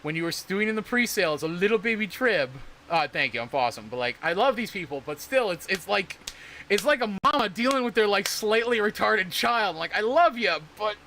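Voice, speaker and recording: A man's voice: high-pitched, animated, a little fast, bright, forceful tone, slight background noise. A man streaming casually about crypto, rambling and swearing in exasperation. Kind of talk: casual livestream talk.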